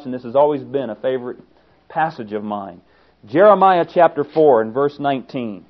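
A man preaching a sermon with passion, building to emphatic peaks and then dropping low. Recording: tinny phone-like sound.

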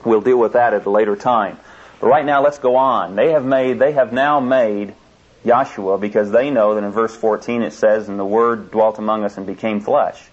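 A man's voice: lowish voice, normal speed. A man preaching a sermon in an earnest, repetitive way, often restarting his sentences. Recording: dull lo-fi recording.

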